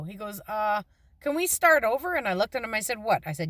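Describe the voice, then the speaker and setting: A middle-aged woman tells a story from her own life in a casual, blunt, salty way. She acts out the lines she quotes, and her voice sits at a middle pitch. The sound is dry and close, with no room echo. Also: big pitch swings, fairly quick, fairly bright tone.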